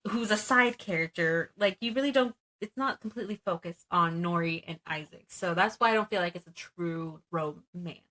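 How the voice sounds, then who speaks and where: A woman's voice: lowish voice, normal speed, few pauses, poor audio. A woman co-hosting a book podcast, chatting casually and agreeably about a novel. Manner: relaxed, agreeable, frequent "yeah". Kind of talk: casual chat.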